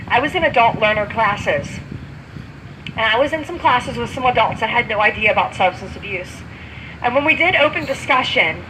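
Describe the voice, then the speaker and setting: A woman's voice: on the high side, bright, forceful tone, a little hiss or hum, rough recording. A woman in her thirties giving a heartfelt personal testimony at a community event, talking in a conversational way with many fillers. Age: 30s. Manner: heartfelt, conversational, full of "you know" fillers. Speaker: speaker sharing a recovery story.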